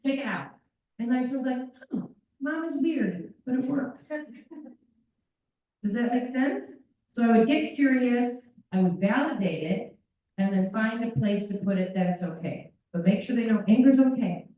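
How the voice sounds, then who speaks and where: Recorded from far away in an echoey school meeting room, a woman with a high-leaning, dark-toned voice speaks at a measured pace. She's presenting a parent workshop with animation, putting on children's voices.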